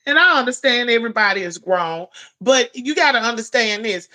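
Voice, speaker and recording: A woman delivers a blunt, profane commentary rant. Her voice sits a little high and sounds bright and forceful, and she scolds without letting up. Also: expressive, fairly quick. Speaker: commentary vlogger.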